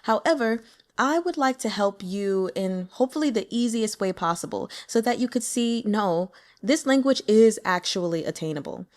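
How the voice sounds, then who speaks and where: An upbeat woman, a native English speaker, walks through pronunciation in a casual, friendly lesson. She demonstrates each sound with big, exaggerated examples, and her voice sits at an ordinary middle pitch. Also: animated, normal speed. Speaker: language teacher.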